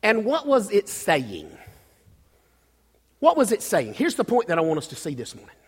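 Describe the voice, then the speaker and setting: Male pastor, high voice, preaching in a reverberant church hall, halting restarts and rising emphasis. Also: huge pitch swings, husky. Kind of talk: sermon. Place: church sanctuary.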